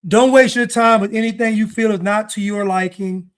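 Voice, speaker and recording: A man streaming casual reaction commentary on video clips, animated and repetitive, jumping up in pitch for emphasis. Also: moderate pace.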